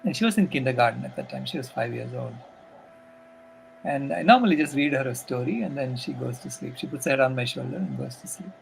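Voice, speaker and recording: A man's voice: mid-range voice, expressive, fast talker, gravelly, a little hiss or hum, poor audio. An older man telling a story as a guest, earnest and casual, with many fillers.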